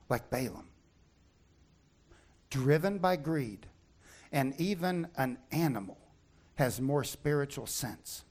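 A man preaching a sermon, retelling a Bible story in an animated way and acting out the characters' lines. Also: medium pitch. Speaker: pastor.

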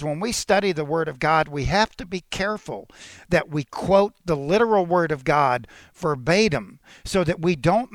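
A male pastor delivers an earnest teaching sermon, walking through scripture and pausing to restart his phrasing. His voice sits a little higher than most men's. The sound is dry and close, with little room echo. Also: a bit bright.

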